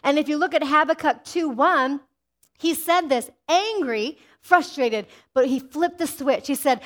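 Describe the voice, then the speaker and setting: A woman's voice: high voice, moderate pace. A middle-aged woman preaching a sermon, earnest and emphatic, asking the congregation questions.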